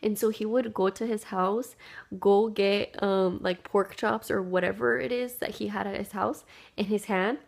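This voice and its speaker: A woman's voice: mid-range voice, steady tone, normal speed, creaky. A young woman telling a childhood story to her camera in a casual, chatty way, full of "like" and "dude". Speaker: vlogger.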